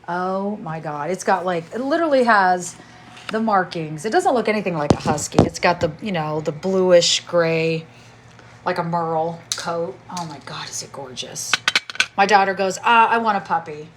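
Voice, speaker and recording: A woman's voice: on the low side, a little hiss or hum. A woman in her forties chatting casually on a livestream while cleaning her house, a little out of breath and rambling from story to story. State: slightly out of breath. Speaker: livestream host. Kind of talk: casual chat. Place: home, walking around while cleaning. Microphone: phone, camera off.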